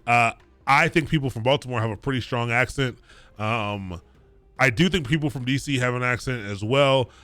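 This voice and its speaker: A man's voice: mid-range voice, normal speed, a bit bright, no echo. A young man from near Washington DC teaching a live coding lesson, explaining step by step and reassuring viewers as he answers chat. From Prince George's County, near Washington DC. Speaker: coding bootcamp instructor. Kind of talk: live-streamed lecture.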